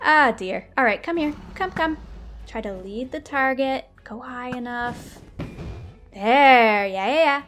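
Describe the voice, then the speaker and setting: A young woman giving chatty, excitable commentary while playing a video game, often laughing. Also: sits high, slow pace, pauses often, faint music behind. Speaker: gaming video creator. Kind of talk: live gameplay commentary.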